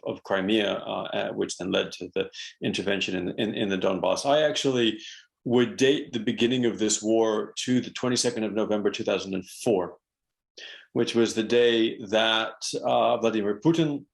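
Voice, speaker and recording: A man with a low, gravelly voice speaking remotely on a panel. He stumbles and restarts often, then moves into careful, precise detail.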